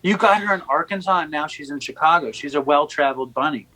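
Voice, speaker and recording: A man's voice: on the high side, fast, a crowd in the background, rough recording. A man hosting a podcast, telling stories in a wry, joking way during a laid-back conversation. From New York City. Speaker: podcast host.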